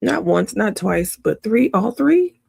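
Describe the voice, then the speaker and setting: A woman's voice: mid-range voice, sing-song, takes it slowly, creaky, a little mellow, slightly rough, no echo. A woman hosting live trial commentary in a casual, emphatic way, repeating her points and talking back at what she watches. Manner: emphatic, repetitive, talks back to the screen.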